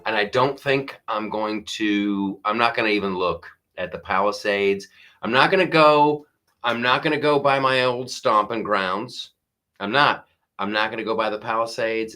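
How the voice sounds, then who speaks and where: A middle-aged man holds forth in a loose, rambling comedy monologue, often restarting his sentences. His voice is bright and forward, and his tone stays sarcastic and offhand. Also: lowish voice, normal speed. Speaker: comedian podcast host. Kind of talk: casual monologue.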